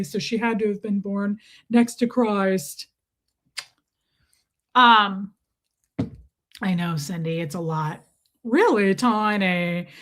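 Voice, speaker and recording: Chatty woman on a livestream. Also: fairly high pitch. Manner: chatty, profane, reads viewer comments aloud; playful exaggerated teasing. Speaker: livestream host. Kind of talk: casual livestream chat.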